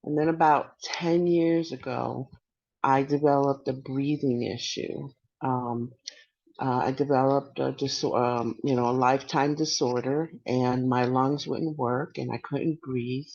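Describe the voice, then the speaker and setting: A woman's voice: extremely low pitch, gravelly, a little mellow. Hesitant middle-aged woman, muffled audio. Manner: halting, hesitant, with many restarts. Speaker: veteran panelist and peer support worker. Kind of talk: personal testimony on a panel.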